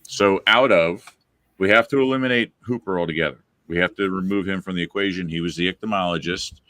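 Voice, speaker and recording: A man's voice: low-pitched, brisk, bright, forceful tone, no echo. A man hosting a live fan chat show, posing questions to his guests and viewers. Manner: leads the discussion and poses questions to guests and viewers. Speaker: podcast host.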